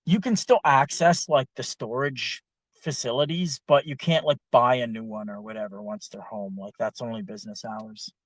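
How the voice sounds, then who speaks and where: A young man telling a long story in a casual podcast chat, animated and heavy on swearing. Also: medium pitch, moderate pace, no echo. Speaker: podcast co-host.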